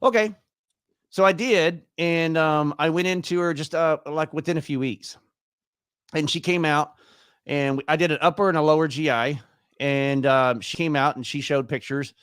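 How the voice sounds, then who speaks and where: A man's voice: on the high side, steady tone, moderate pace, a bit bright, smooth, dry recording, studio quality. A man in his fifties telling his own story as an interview guest, chatty and acting out the dialogue he quotes. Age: 50s. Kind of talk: casual personal storytelling.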